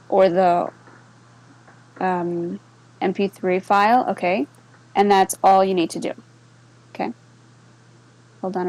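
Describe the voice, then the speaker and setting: A woman moderator talks through a screen-share walkthrough, easy and unhurried. She slips back and forth between English and Spanish and keeps checking that listeners follow with a quick "okay?". Her voice sits at a middle pitch. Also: rough recording. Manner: relaxed, with many fillers. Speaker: server moderator explaining a bot. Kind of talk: casual screen-share tutorial.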